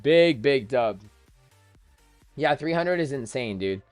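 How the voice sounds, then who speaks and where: A man's voice: medium pitch, lively intonation, slow pace, no room sound, soft background music. A man hosting a trading livestream, talking casually, bluntly and with plenty of profanity straight to his viewers. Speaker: crypto trading livestream host.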